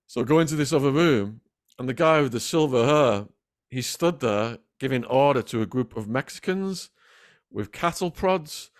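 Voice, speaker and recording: A man with an English accent telling a gritty crime story in an animated way, acting out the voices of the people in it and swearing freely. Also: medium pitch, moderate pace. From England. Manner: lively, acts out quoted voices, swears freely. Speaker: guest storyteller.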